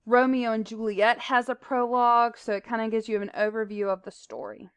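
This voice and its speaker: Woman, teacher, recorded lesson, fairly high voice, smooth, plain explaining with fillers. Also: steady tone, brisk, no room sound.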